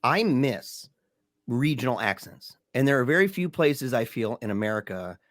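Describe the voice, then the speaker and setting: A man's voice: mid-range voice, normal speed, dry recording. Laid-back male podcast host, dry sound. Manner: relaxed, rambling, with many fillers and restarts. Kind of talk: casual conversation.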